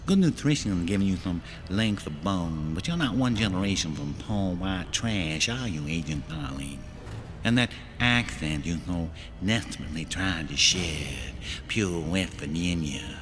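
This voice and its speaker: A man's voice: sits low, lively intonation, over music. A man playing a sinister cultured killer doctor. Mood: menacing. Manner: slow, sinister, mocking. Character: menacing cultured male killer doctor on stage.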